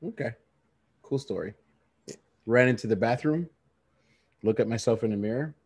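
A man's voice: medium pitch, moderate pace, husky, no room sound. A man co-hosting a podcast, telling a personal story in casual chat, acting out other people's voices and laughing often. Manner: animated storyteller, acts out friends' voices and laughs a lot. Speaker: podcast co-host.

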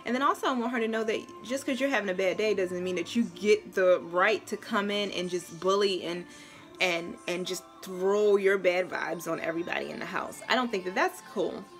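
A woman's voice: medium pitch, normal speed, soft background music. A woman in her thirties with a Brooklyn accent, talking frankly and emphatically in a casual family vlog. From Brooklyn, New York. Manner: frank, emphatic, scolding her small son playfully. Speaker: mom vlogger.

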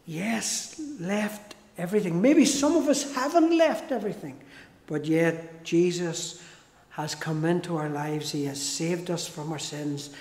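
A man delivers a sermon at a measured, unhurried pace, his voice sitting high for a man. He leans on repeated phrases for emphasis. The sound rings with a long, echoey church reverb. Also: animated, a little mellow. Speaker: preacher.

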